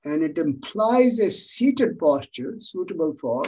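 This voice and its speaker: A man's voice: a little high, sing-song, unhurried, dark tone, far from the mic, a little hiss or hum, poor audio. A man teaching yoga philosophy in an online class, patient and repeating words for emphasis, heard over a video call.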